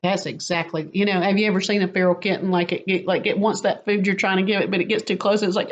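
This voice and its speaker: A woman telling a lively, self-mocking personal faith story as a testimony. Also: medium pitch. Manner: animated, quick and self-mocking. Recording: slightly muffled lo-fi audio.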